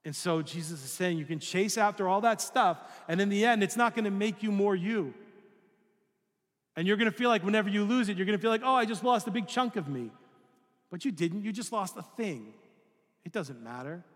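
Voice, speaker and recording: Male pastor, conversational sermon, rhetorical questions, slightly high voice, long hall reverb. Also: brisk.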